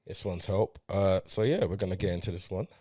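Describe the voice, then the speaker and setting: A man's voice: deep voice, steady tone, brisk, warm tone. A young man co-hosting a film review podcast in casual chat, laid-back and full of "yeah, yeah".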